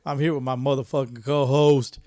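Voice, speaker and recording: A man in his thirties hosting a podcast, cursing freely and joking in bursts of loud banter. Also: medium pitch, little pitch movement, brisk, no echo, studio quality. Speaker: podcast host.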